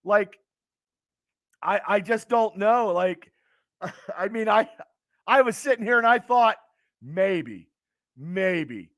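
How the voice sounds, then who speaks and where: A man's voice: high voice, fairly even intonation, takes it slowly, pauses often, fairly bright tone, no echo, studio quality. A man hosting a fan stream from home, ranting in frustration about a lost game, stammering and cursing as he reads viewers' comments. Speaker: fan show host. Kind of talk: late-night live stream rant.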